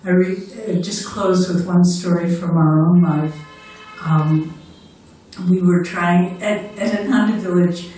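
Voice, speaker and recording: Older woman, spiritual talk, earnest storytelling, lowish voice, far off in a very echoey hall. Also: steady tone, unhurried, dark tone. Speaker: spiritual director. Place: lecture hall.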